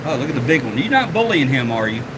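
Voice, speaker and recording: Filming a casual walking vlog on a handheld phone at an outdoor zoo, a man with a drawl chats loosely to his viewers and the animals. He's very animated and talks fast at an ordinary middle pitch, with background noise around him.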